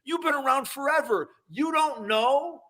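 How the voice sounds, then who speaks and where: Very high-voiced, bright older man ranting. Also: a little slow. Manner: animated ranting, mocking. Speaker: sports talk co-host. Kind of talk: casual sports banter.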